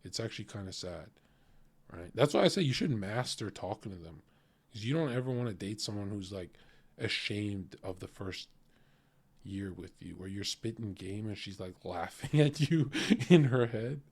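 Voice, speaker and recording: A man's voice: lowish voice, lively intonation, moderate pace, slightly rough. Crude, opinionated male streamer. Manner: crude, opinionated, laughing, lecturing. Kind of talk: casual reaction commentary.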